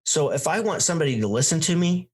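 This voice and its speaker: A man's voice: a little high, fast, slightly rough. Emphatic male sales coach. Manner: energetic, emphatic, plays with tempo and volume to demonstrate. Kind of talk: podcast coaching talk.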